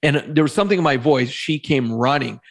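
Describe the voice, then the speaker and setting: A man in his fifties tells a personal story as a podcast guest, with a voice of middling pitch. He is animated and acts out the voices of others in his tale. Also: brisk, gravelly.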